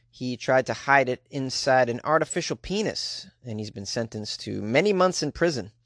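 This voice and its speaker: A man's voice: medium pitch, no echo, studio quality. A man hosting a comedic weird-news podcast, reading stories and riffing on them sarcastically. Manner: sarcastic, jokey, puts on silly voices. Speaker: podcast host.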